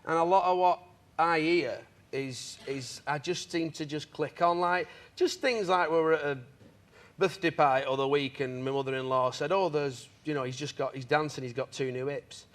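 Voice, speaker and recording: A man telling animated anecdotes on a chat show, mimicking voices and laughing often. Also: fairly high pitch, normal speed. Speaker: comedian guest. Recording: studio audience laughter, noisy.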